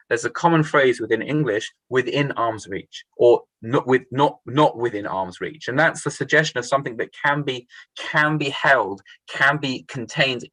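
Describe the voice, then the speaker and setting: A man's voice: medium pitch, fairly bright tone, no room sound, low-quality recording. A man leading a Torah study class, thinking aloud, restarting phrases and putting questions to the group.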